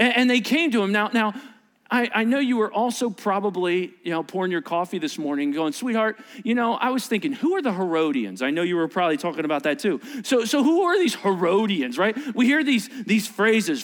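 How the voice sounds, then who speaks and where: A male pastor delivering a sermon, animated and joking, acting out little voices and sarcastic asides. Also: sits high.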